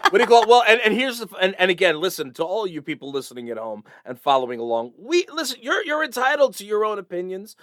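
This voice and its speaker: A middle-aged man with an East Coast American accent co-hosting a podcast, chatting in a rambling, animated way with frequent fillers. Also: sits high, fast talker, few pauses, no echo, studio quality. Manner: rambling, animated, swears casually. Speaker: podcast co-host. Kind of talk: casual chat.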